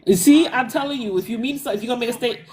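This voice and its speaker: A woman of Haitian heritage speaking as a live-stream panelist, ranting in an animated, emphatic way. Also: racing. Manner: animated, emphatic, rants with big pitch jumps. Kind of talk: casual chat.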